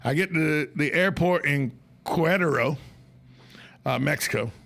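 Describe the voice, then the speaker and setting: A man's voice: fairly high pitch, unhurried, vocal fry, a bit bright. A man hosting a radio talk show, telling travel stories in casual rambling chat. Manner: storytelling, rambling with restarts.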